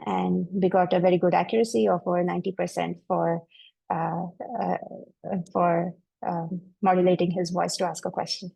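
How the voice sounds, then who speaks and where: A woman researcher giving a technical webinar presentation, walking through her slides in a measured, explanatory way over a video call mic. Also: on the low side, little pitch movement, gravelly, mellow, slightly rough, no echo, rough recording.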